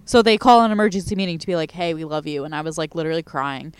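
Smooth clear voiced woman, casual chat, playful storytelling, does little voices for quotes. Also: deep voice, steady tone, rapid-fire.

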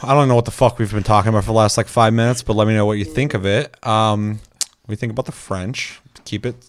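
A man hosts a loose gaming podcast in a lowish voice. He swears freely and jumps into jokey, high quoted voices while riffing. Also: fairly even intonation, quick pace, slight background noise. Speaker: podcast host. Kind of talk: casual gaming podcast chat.

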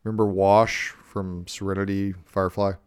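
A man's voice: deep voice, level tone, normal speed, darkish tone, clean tone, dry recording. A man co-hosting a casual podcast, swearing freely and stammering through restarts. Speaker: podcast co-host. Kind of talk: casual profane chat.

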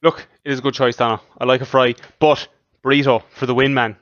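A man's voice: mid-range voice, little pitch movement, fast talker, a bit bright, dull audio. An Irish man co-hosting a podcast, teasing his partner with dry questions in casual banter. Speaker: podcast co-host.

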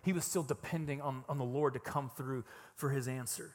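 A man preaching a sermon in a casual, emphatic way, swinging from hushed reflection to loud, raised passages. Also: medium pitch, steady tone, brisk, big-room sound. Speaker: pastor.

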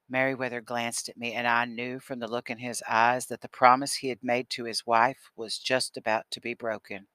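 A man narrating an audiobook in a steady storytelling manner. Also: mid-range voice, normal speed, few pauses, no room sound. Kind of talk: scripted narration.

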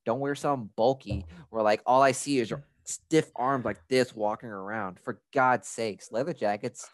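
A man's voice: medium pitch, normal speed, no room sound, studio quality. A young man co-hosting a casual movie podcast, blunt and profane, rambling through opinions. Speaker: podcast co-host.

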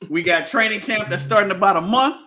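Bright-toned guy hosting a sports chat, stops and restarts a lot. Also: sits high, fast. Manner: hesitant, many fillers and restarts, laughs often. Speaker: podcast host.

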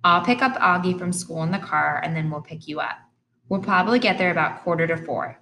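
A protective, fretful mother in her middle years, read aloud by a woman narrator. Her voice sits a little low and carries a faint hiss of background noise, asking anxious questions from a storybook scene. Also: fairly quick, bright, forceful tone, roomy sound. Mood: decisive. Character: worried, apologetic middle-aged mother, protective.

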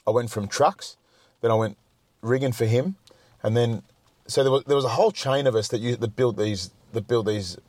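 A man's voice: mid-range voice, moderate pace, a little mellow, no echo. A man telling stories as a podcast guest, rambling and swearing, with many restarts. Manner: rambling, profane, frequent restarts. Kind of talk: casual storytelling.

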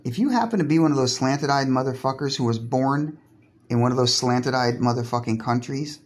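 A man's voice: medium pitch, fairly quick. A man with an ordinary mid-range voice rants through a solo podcast monologue, sarcastic and full of swearing, now and then breaking off a word and starting again. He is recorded at home, talking from his bathtub. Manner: profane, sarcastic, provocative, breaks off and restarts words.

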